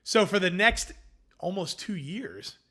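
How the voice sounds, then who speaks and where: A man with a somewhat high, bright, forceful voice tells the story of his food business in a relaxed interview. He talks in an animated way and acts out what people said to him. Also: takes it slowly. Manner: animated, acts out quoted dialogue. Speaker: food company founder.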